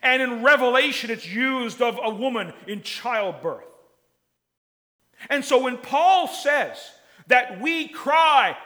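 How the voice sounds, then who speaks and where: A man's voice: very high-pitched, animated, slow. Impassioned male preacher in a reverberant church. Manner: swings from loud impassioned cries to hushed near-whispers. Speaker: pastor. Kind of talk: sermon and closing prayer. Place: church sanctuary. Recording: long church hall reverb.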